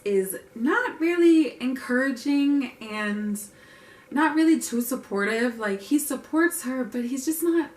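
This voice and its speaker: A young woman giving a casual, opinionated film recap with wry asides. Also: on the high side. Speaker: vlogger reviewing a film. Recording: roomy, distant mic.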